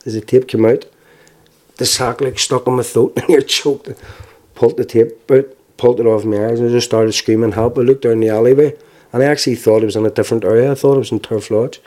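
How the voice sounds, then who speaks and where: Soft-toned Belfast man recounting. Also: mid-range voice, fairly even intonation. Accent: Northern Irish, Belfast. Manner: halting, plainspoken, with restarts and wry laughs. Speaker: interviewee. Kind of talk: personal testimony.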